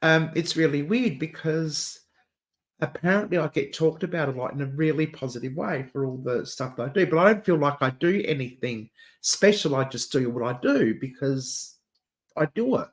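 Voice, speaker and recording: Hosting his own channel's casual livestream, this Adelaide man sounds animated, with a fairly high pitch and a moderate pace. He's chatty and camp, laughs often, and addresses viewers as "dear" in his Australian accent.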